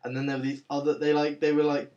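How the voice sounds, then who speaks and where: A man's voice: fairly high pitch, quick pace, highs cut off, slight background noise. A young man hosting a casual podcast chat, telling stories with lots of energy. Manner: animated storyteller, jumps into quoted voices. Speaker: podcast host.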